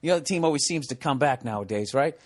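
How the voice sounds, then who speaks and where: A man hosting a podcast, telling a profane, ranting comedic story with animated delivery. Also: mid-range voice, quick pace. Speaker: podcast host.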